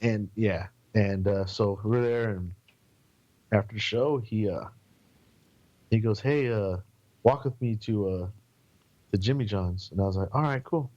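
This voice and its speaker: A man's voice: lowish voice, unhurried, pauses often, darkish tone, highs cut off. A man from San Antonio, a podcast guest, telling casual, rambling road stories with plenty of swearing and quoted voices. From San Antonio, Texas. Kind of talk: casual storytelling.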